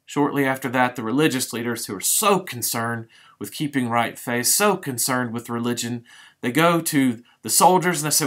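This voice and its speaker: A middle-aged man, a pastor, giving a devotional sermon as a vivid, dramatic retelling that slows down for emphasis. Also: mid-range voice, fairly bright tone.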